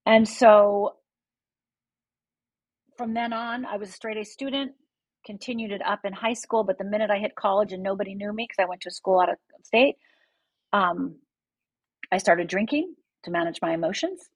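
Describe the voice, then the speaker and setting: A woman's voice: mid-range voice, normal speed, long pauses, no room sound, low-quality recording. A middle-aged woman, a life coach appearing as a guest, telling her personal story in an earnest, vivid way and speaking straight to the listener. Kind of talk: personal storytelling in a podcast interview.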